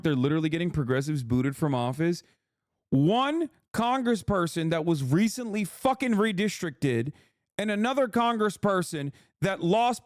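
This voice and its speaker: A man's voice: high-pitched, no room sound, clean studio sound. A political streamer, a man, delivering heated, profane live-stream commentary.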